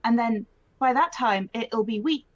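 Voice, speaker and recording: A woman's voice: a little high, a little slow, no room sound. A woman playing a tabletop game, talking in a hesitant, stumbling way as she plans. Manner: hesitant, stumbling over words. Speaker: player. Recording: dull lo-fi stream audio.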